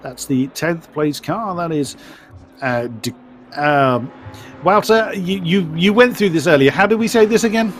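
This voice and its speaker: A man's voice: a little high, expressive, a little slow, soft background music. A man giving live commentary on a sim race. He is chatty and self-deprecating and stumbles over driver names.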